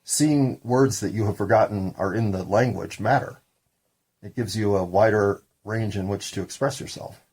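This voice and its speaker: Husky, low-voiced man in his 50s, solo podcaster, rambling and self-mocking. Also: moderate pace, a little mellow. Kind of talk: casual reflective monologue.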